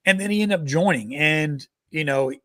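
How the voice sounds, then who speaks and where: A man's voice: a little high, moderate pace, no echo. A man in his thirties, an army veteran co-hosting a podcast, telling stories casually with lots of swearing and laughter. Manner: profane, laughing, animated anecdotes. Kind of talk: casual storytelling.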